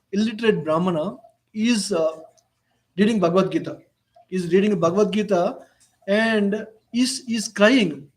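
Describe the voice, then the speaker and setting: Guy with a pretty high voice telling scripture stories, lots of "you know", non-native english. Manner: frequent "you know" fillers, retells stories with quoted dialogue. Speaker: lecturer on the Bhagavad-gita. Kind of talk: storytelling lecture.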